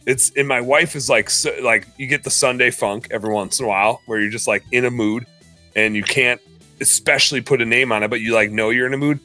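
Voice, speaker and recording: Candid, bright-voiced man chatting. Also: mid-range voice, brisk, faint music behind. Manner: candid, rambling, quotes people in lively voices. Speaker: podcast co-host. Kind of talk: casual podcast chat.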